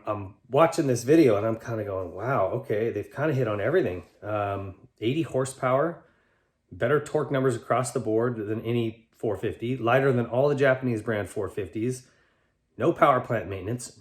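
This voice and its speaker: A man hosting a talk show, answering listener letters in a loose, rambling conversational way with lots of restarts. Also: mid-range voice. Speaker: podcast host and bike tester. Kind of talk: casual chat answering listener mail.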